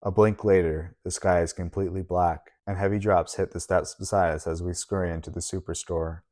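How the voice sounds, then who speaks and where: A man giving a steady, measured audiobook narration in the first person. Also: sits low.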